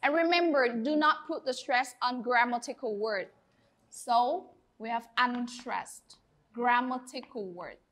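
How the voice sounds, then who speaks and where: A woman with a Vietnamese accent teaches a classroom English lesson. Her voice sits high and sounds bright. She speaks slowly and deliberately, spelling out each instruction for her students.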